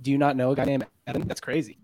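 A man's voice: medium pitch, level tone, very fast, background noise. Jokey man hosting a sports podcast. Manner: jokey, laughs often, reads chat comments aloud. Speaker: podcast host. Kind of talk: casual sports podcast chat with live chat.

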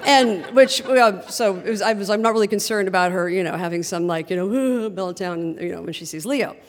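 A woman telling a personal story on stage in an animated, humorous way, often laughing as she talks. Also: mid-range voice, moderate pace. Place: theater stage before a live audience. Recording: long theater reverb.

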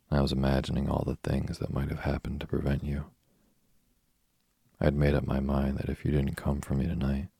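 A man's voice: a bass voice, gravelly, warm tone, slightly rough, no echo, studio quality, heavily acted. A man reading as an eager chatterbox orphan girl. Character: chatty imaginative orphan girl, about eleven.

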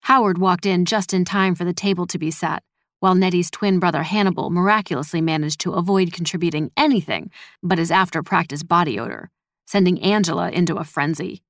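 A woman reading a story as a scripted narration in an even, measured manner. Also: on the low side, no echo, clean studio sound. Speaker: audiobook narrator.

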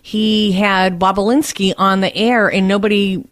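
A woman's voice: mid-range voice, fairly even intonation, moderate pace, no room sound, clean studio sound. A woman hosting a political talk show, delivering emphatic, indignant commentary.

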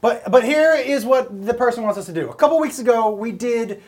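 A man's voice: very high-pitched, lively intonation, fairly quick. A male host in casual live-stream chat, joking around and trying out silly accents. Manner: jokey, plays with silly accents. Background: music playing.

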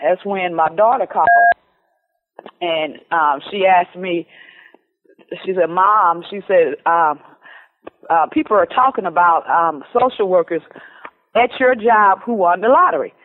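Middle-aged woman, casual storyteller on a phone line, lively, acts out dialogue, lots of fillers. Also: fairly low pitch, measured pace. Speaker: lottery winner telling her story. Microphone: telephone.

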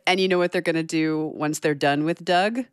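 A woman's voice: deep voice, fairly even intonation, moderate pace, clear, resonant tone, no room sound, studio quality. A woman co-hosting a radio show, telling a news story in a playful, giggly way. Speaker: co-host.

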